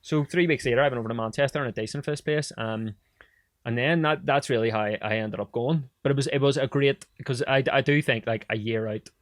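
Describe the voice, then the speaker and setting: A man's voice: mid-range voice, a little fast, dry recording. A young man from Ireland, an actor, talks casually as a podcast guest. His voice sits in the middle range and the recording is dry, with no room sound. He rambles through stories with plenty of fillers and the odd swear. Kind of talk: casual chat.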